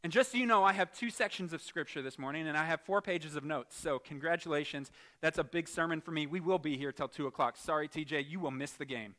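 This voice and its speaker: A man preaching a lively church sermon as pastor, joking with the congregation and swinging from quiet asides to loud exclaims. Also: a little high, fast, few pauses. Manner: animated, jokey, shifts from quiet asides to loud shouts.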